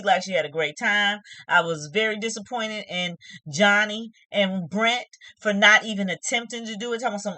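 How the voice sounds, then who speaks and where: A woman's voice: mid-range voice, sharp tone, no echo. A woman hosting a casual reality-TV review vlog, opinionated and talking straight to her viewers. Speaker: host of a TV review channel.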